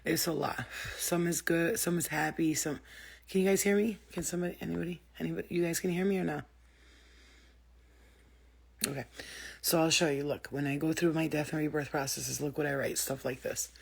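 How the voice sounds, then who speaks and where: This time the woman's deep, creaky, slightly rough voice moves briskly but leaves long pauses. Hosting a spiritual livestream, she swears a lot, speaks bluntly and animatedly, and greets viewers as she goes in casual talk.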